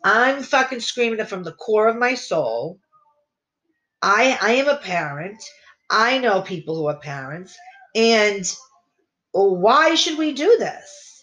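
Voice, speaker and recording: A woman's voice: mid-range voice, lively intonation, a little slow, bright, forceful tone, low-quality recording. A woman in her thirties hosts a casual podcast and rants at her listeners. Her delivery is fiery and profane, and she rambles, breaks off and restarts her sentences over and over. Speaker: podcast host.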